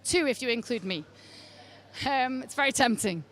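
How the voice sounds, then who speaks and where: A woman's voice: a little high, lively intonation, normal speed, a bit bright. A woman from England teaching a beer tasting class into a handheld microphone, chatty and wry with asides to her group. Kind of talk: informal tasting class talk. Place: tasting session with a live group.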